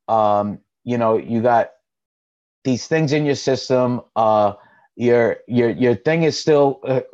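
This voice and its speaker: A man's voice: medium pitch, a little mellow, lo-fi sound. A man hosting his own channel, telling a long personal story in a casual, rambling way, with restarts and laughs. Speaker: channel host.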